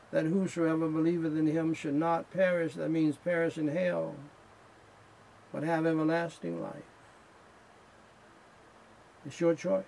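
A man preaching a sermon in slow, emphatic phrases that build in fervor. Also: on the high side, creaky, a little mellow, slight background noise, rough recording.

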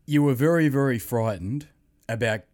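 A man hosting a podcast, telling a rambling, profane story in casual chat, a little hoarse. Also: medium pitch, normal speed, darkish tone, dry recording, studio quality. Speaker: podcast host.

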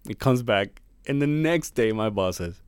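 A man's voice: mid-range voice, unhurried, clear, resonant tone, no echo. A man co-hosting a podcast, telling a work story in casual, profane chat. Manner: profane, animated, swears a lot. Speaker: podcast co-host; construction worker.

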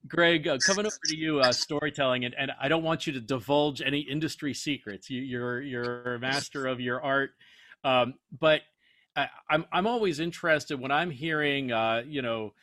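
A man's voice: mid-range voice, moderate pace, sharp tone, no room sound. Man asking long, winding panel questions. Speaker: panel moderator. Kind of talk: discussion questions.

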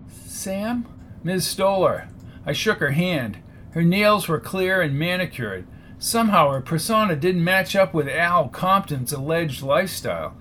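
A man's voice: fairly high pitch, fairly bright tone, slight background noise. A man narrating a first-person hard-boiled detective story in a wry, laid-back way.

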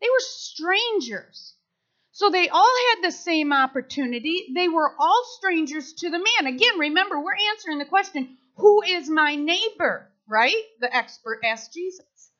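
Woman, middle-aged, sermon, lively storytelling, bright tone, slightly muffled recording. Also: very high-pitched, moderate pace. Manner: animated storytelling, acting out quoted voices. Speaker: speaker at church service. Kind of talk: sermon with personal stories. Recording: slightly dull lo-fi sound.

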